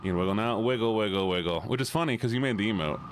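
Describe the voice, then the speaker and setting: A man's voice: fairly low pitch, racing, a little hiss or hum. A man streaming a game live, who is playful as he reads viewer messages aloud and answers them in casual chat.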